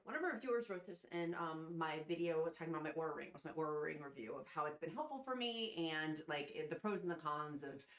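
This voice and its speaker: A woman's voice: deep voice, lively intonation, quick pace, few pauses, roomy sound. A woman talking straight to camera in a vlog, tearful and heartfelt, rambling with fillers. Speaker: vlogger. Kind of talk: emotional casual vlog. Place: at home, in her robe.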